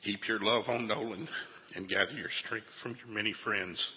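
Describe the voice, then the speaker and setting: A man giving a calm, consoling funeral address in a measured way, in a dull, echoey hall recording. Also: on the low side. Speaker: funeral officiant.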